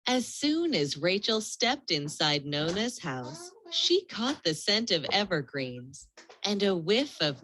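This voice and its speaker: Slow, expressive woman reading a children's book. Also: mid-range voice, slight background noise. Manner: expressive, gentle storytelling. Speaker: storyteller.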